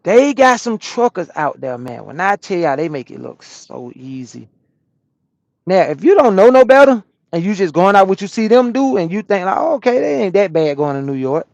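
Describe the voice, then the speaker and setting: A man from Atlanta, a truck driver chatting casually on a live stream and answering viewers' comments in a relaxed, repetitive way. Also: high-pitched, normal speed, vocal fry, no echo, muffled recording. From Atlanta, USA.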